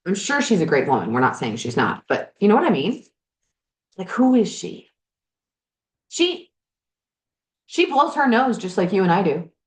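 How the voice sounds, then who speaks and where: In a roomy, echoing space, a woman with a medium pitch and big pitch swings speaks at normal speed, leaving long pauses. She's a life coach and podcast host working on garage projects, talking candidly and animatedly about motivation and occasionally cursing.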